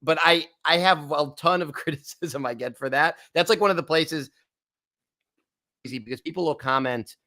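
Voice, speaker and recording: A man's voice: fairly high pitch, normal speed, bright, forceful tone. A man from the United States hosting a wine podcast, talking in an earnest, reflective, casual way and laughing easily. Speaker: wine channel host.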